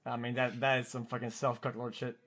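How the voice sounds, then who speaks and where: Speaking a little fast in a mid-range voice, a twentysomething male streamer with a French-Canadian accent recounts a story in casual chat, excitable, cursing freely and tripping over repeated words.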